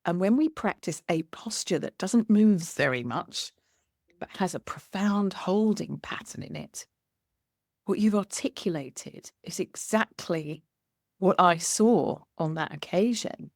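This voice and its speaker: A woman hosting a conversation, telling a lively anecdote and acting out the dialogue as she goes. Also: lowish voice, measured pace, no room sound, studio quality. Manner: animated, acts out quoted dialogue with laughter. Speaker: podcast host. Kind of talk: storytelling in conversation.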